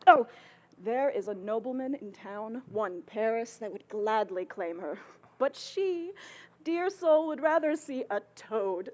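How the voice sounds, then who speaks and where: A woman's voice: a little high, animated, unhurried, a little mellow. A woman playing an older, bawdy, complaining nurse in an outdoor Shakespeare performance, with theatrical groans and exclamations. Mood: gossiping. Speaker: stage actor.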